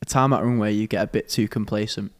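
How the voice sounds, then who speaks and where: A man's voice: on the low side, fairly even intonation, quick pace. A young man, co-hosting a casual podcast, jokey and laughing often. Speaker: podcast co-host. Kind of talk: casual chat.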